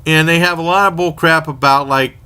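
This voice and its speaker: A man's voice: on the high side, steady tone, a little fast, bright, forceful tone, clean tone. A man casually reviewing horror movies, rambling along with many fillers and self-corrections.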